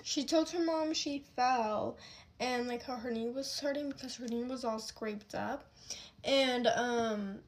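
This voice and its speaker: A woman's voice: fairly high pitch, measured pace. A young woman telling a casual get-ready-with-me storytime, rambling with lots of fillers and restarts.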